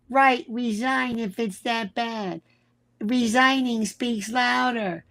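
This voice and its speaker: A man's voice: very high-pitched, animated, slow pace, fairly bright tone. Brash combative male commentator. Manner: brash, combative, blunt with rhetorical questions. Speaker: host and legal commentator. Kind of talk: livestream commentary reading viewer comments.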